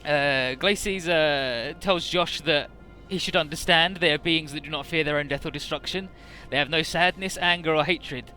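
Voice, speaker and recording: A man's voice: on the high side, normal speed, bright, forceful tone, faint music behind. A man casually recapping a game story as a let's play host, irreverent, swearing, with many fillers.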